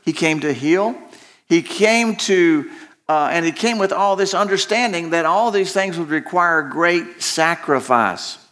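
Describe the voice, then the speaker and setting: Pastor, male, slightly higher voice; slow, emphatic sermon delivery with restarts and repetition. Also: a bit bright.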